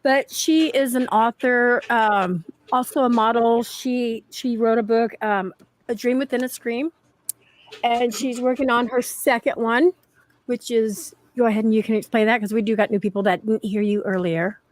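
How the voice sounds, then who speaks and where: A woman's voice: fairly high pitch, steady tone, moderate pace, no room sound. A woman hosting a casual livestream interview over a video call, chatty, with frequent stumbles and restarts. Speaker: livestream host.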